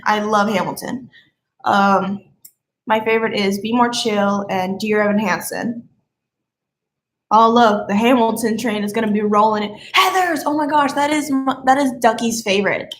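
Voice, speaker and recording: A woman's voice: on the high side, a little hiss or hum. A young woman with a slight Southern accent, chatting casually on a live stream, rambling and easily sidetracked. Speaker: livestreamer.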